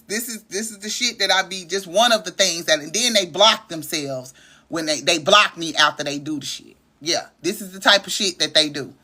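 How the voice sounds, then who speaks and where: A woman's voice: lowish voice, sharp tone. A woman, hosting a casual livestream and talking straight to her viewers in a chatty, emotional way. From Arkansas. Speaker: livestream host.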